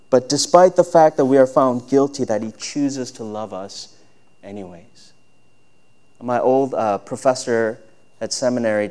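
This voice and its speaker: A man preaching a sermon as a pastor, talking in a conversational way and acting out quoted voices with lively shifts. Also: mid-range voice.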